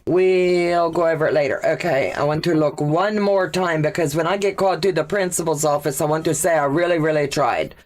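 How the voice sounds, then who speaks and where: A woman's voice: deep voice, a little fast, hardly any pauses, darkish tone. A woman hosting a casual sewing livestream, chatting and reading viewer comments aloud.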